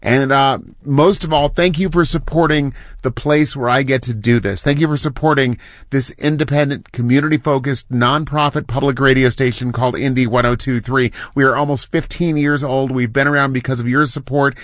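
A man's voice: medium pitch, steady tone, brisk, dry recording. A man hosting a morning radio show alone in a studio, speaking in an earnest, heartfelt way between songs. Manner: repetitive "I love that" phrasing. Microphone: studio microphone.

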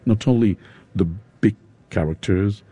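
Spanish guy, english isn't his first language, really dark mellow voice, lots of uhs and pauses. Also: fairly low pitch, slightly rough, dry recording. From Spain. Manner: halting, searching for words with fillers. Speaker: opera singer guest. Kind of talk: interview.

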